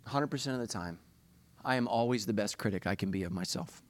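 A man's voice: on the low side, fast. A middle-aged man, a pastor, preaching a sermon in a confessional, self-deprecating way that builds to impassioned preaching.

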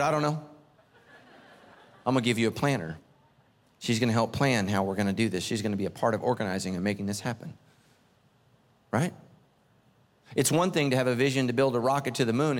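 A man, the senior pastor, preaching a humorous sermon as an animated, self-mocking storyteller. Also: medium pitch, quick pace, pauses often, big-room sound.

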